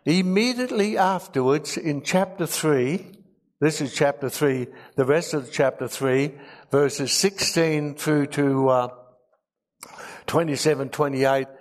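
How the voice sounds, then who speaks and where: A man's voice: fairly high pitch, slow. A man preaching a sermon, reading scripture aloud and adding emotional, humorous asides.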